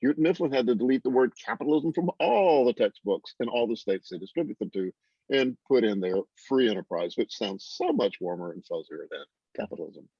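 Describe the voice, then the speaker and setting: A man's voice: mid-range voice, lively intonation, a little fast, vocal fry, husky, no room sound. A man moderating a class discussion on a video call, asking questions in a folksy, wry way. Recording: dry, dull video call audio.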